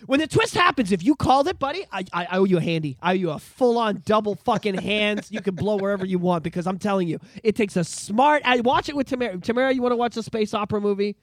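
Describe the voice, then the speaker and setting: A man hosting a casual podcast, ranting excitedly about movies and swearing freely. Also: high-pitched, fast talker, few pauses, no echo. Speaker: podcast host. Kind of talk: casual chat.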